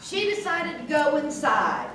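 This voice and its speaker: A woman reading a folk tale aloud in a slow, expressive way, heard from far off in an echoey event hall. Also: sits high. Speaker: storyteller. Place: event hall at a senior center fair.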